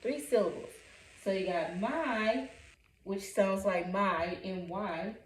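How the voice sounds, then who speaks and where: A woman reading coach leads a phonics lesson at an unhurried pace. She breaks each word into syllables and repeats it patiently. Her voice sounds distant and echoes around the room. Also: medium pitch.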